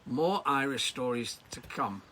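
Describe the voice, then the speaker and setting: A man from Liverpool, a riding coach, telling personal anecdotes in a lively, storytelling way. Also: mid-range voice, measured pace, slight background noise. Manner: anecdotal, lively delivery with acted quotes.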